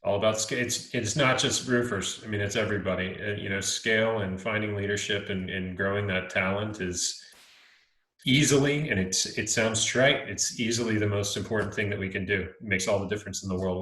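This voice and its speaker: A man hosting a podcast, asking questions in a relaxed, casual way with plenty of fillers. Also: fairly low pitch, a little fast. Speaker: podcast host. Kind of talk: casual interview chat. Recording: echoey room.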